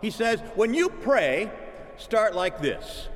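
Speaking slowly, a male preacher's high, animated voice swings through a wide pitch range as he delivers his sermon. He calls out "church" to the congregation and asks for an amen, and the hall gives his voice a long echo.

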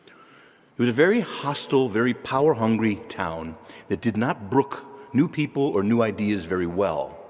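A man preaching a sermon in a church, in a conversational way, putting questions to his listeners. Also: medium pitch. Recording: long reverb of a large hall.

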